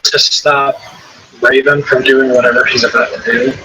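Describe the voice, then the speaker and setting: A man's voice: medium pitch, level tone, normal speed, a crowd in the background, poor audio. A man playing a tabletop game who asks eager, hesitant questions. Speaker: player. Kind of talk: casual tabletop play.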